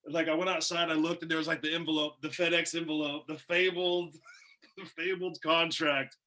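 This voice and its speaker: Lively, bright-voiced man telling stories. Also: fairly high pitch, moderate pace. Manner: animated, swearing, laughs through his stories. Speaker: wrestler guest. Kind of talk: casual storytelling in a shoot interview.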